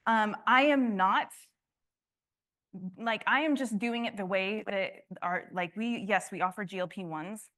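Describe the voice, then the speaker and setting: A woman's voice: medium pitch, measured pace, fairly bright tone. A woman giving a conference talk to a room, passionate, often restarting and asking the audience questions. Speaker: conference speaker.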